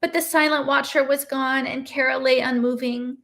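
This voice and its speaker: A woman reading a novel aloud in a steady, measured narration. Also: sits high, creaky. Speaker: reader.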